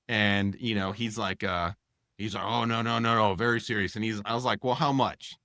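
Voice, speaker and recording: Bright-voiced man telling a story. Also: fairly low pitch, moderate pace, dry recording, clean studio sound. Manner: animated, acts out dialogue with lots of fillers. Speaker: podcast co-host. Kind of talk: casual storytelling.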